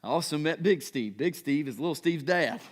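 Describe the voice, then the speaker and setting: Fairly high in pitch and lively in intonation, this male pastor in his thirties preaches at a moderate pace. His sermon is conversational, full of rhetorical questions and frequent "right?" as he checks in with the congregation.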